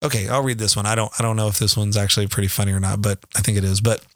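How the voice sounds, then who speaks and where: Very fast and low-pitched, with little movement in his pitch, a middle-aged man shares family stories as co-host of a laid-back podcast. He's a father who rambles, often starts over, and laughs readily, recorded in a clean studio with no room sound.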